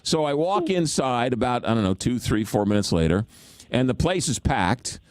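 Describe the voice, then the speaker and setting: A man hosting a radio talk show, telling a story in an animated, self-mocking way. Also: mid-range voice, normal speed, dry recording.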